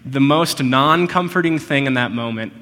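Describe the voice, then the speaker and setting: A man preaching a sermon, earnest and personal, often slowing down to stress a point. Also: medium pitch, a bit bright, big-room sound. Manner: earnest, personal, slows for emphasis. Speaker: pastor.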